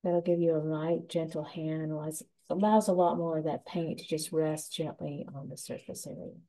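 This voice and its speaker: A woman giving a gentle, unhurried step-by-step painting lesson as the instructor. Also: low-pitched, fairly even intonation, rough recording.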